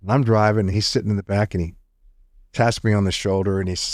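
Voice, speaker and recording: Brief: middle-aged male guest, lowish voice, animated storyteller, dry close mic. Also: fast talker, dry recording. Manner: animated storyteller who acts out quoted dialogue. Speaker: podcast guest, retired intelligence officer. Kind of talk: storytelling in conversation.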